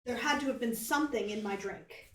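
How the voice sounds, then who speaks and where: A woman plays a rattled young adventurer woman in a tabletop game, speaking in breathless, halting bursts. The voice sits a little away from the mic in an echoey room. Faint background noise runs underneath. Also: fairly high pitch, distant mic, lightly acted. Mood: panicked.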